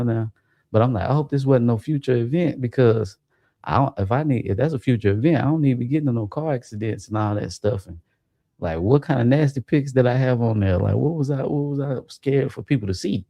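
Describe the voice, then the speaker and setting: Gravelly-voiced man telling a wild story. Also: a little fast, no room sound. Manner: animated, profane, jumps to high pitch when quoting himself. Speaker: livestream host. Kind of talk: casual storytelling about a dream.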